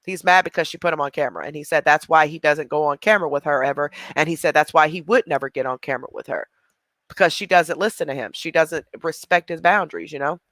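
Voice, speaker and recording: A woman's voice: deep voice, fast talker, fairly bright tone, dry recording. A woman giving blunt, mocking reaction commentary on a livestream.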